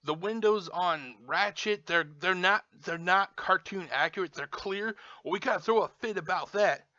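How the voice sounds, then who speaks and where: A man's voice: high voice, normal speed, sharp tone, dry recording. A man reviewing toys in a profane, angry, sarcastic unboxing rant, recorded at home. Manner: angry, sarcastic, swears constantly. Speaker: toy reviewer. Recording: dull lo-fi dry sound.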